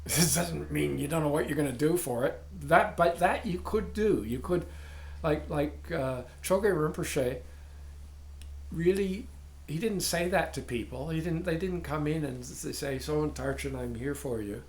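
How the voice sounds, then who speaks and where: Older man giving a halting dharma talk. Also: fairly high pitch, creaky, reverberant. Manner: halting, searching phrasing with frequent asides and soft laughs. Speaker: dharma teacher.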